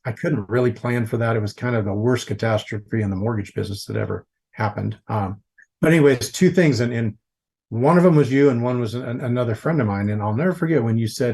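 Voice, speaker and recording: A man's voice: medium pitch, fairly quick, vocal fry, husky. A man in his forties, a podcast guest, telling his story casually and animatedly, with lots of "dude" and "like". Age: 40s. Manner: animated, says dude and like a lot.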